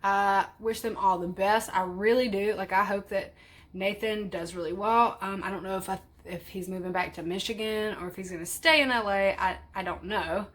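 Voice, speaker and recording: A woman's voice: mid-range voice, fairly even intonation, moderate pace, fairly bright tone. Blunt, foul-mouthed woman vlogging casually. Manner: blunt, heavy swearing, chatty asides. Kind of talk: casual vlog chat. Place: parked car.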